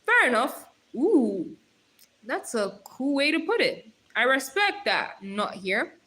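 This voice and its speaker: A woman's voice: high voice, sing-song, takes it slowly, fairly bright tone. A young woman chatting casually on a live stream, reading viewer comments aloud and laughing often.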